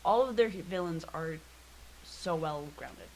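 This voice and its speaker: A woman co-hosting a casual podcast chat, animated and incredulous, swearing playfully. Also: on the low side, measured pace, vocal fry, a little hiss or hum, poor audio. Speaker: podcast co-host.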